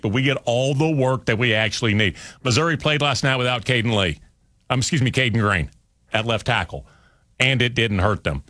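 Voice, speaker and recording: A man's voice: medium pitch, pushed and bright, dry recording. A man hosting sports talk radio, breaking down a game in a conversational, emphatic way. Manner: conversational, emphatic, talks through restarts.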